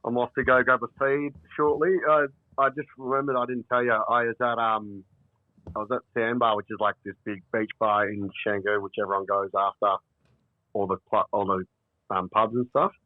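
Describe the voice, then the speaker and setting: A man's voice: on the low side, flat delivery, normal speed, no echo. A man with an Australian accent, a comedian phoning in and rambling through casual anecdotes full of quoted dialogue, heard over a phone call. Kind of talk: casual storytelling. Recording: tinny phone line.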